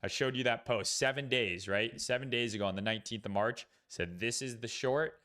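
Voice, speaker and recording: Blunt, profane trading host. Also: male voice, medium pitch, brisk, pushed and bright. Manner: blunt, profane, thinks aloud with many fillers. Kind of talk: casual livestream market commentary.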